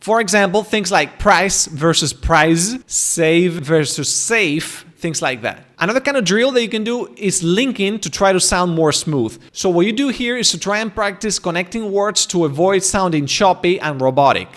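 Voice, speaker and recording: A man teaching as a coach, a methodical, steady explainer who moves point by point. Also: high voice, a little fast, hardly any pauses. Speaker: English coach for sales closers. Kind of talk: instructional talk to camera.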